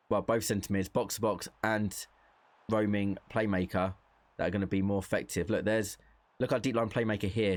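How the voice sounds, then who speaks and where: Man, young adult, lowish voice, dry close sound, casual gameplay commentary, thinking aloud. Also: dry recording. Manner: thinks aloud, relaxed and chatty, reacts to play. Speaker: gaming content creator.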